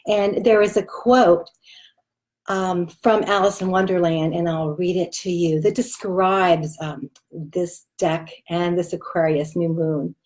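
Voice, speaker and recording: A woman's voice: lowish voice, steady tone, takes it slowly, darkish tone. A woman chatting casually as a tarot reader while showing cards, loose and full of fillers. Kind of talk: casual chat showing a deck.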